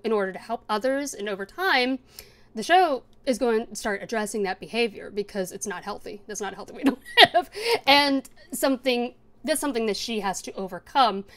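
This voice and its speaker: Young female co-host, slightly high pitch, enthusiastic casual review talk. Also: a bit bright. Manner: chatty, enthusiastic, laughs often. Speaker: podcast co-host. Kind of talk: casual anime review chat.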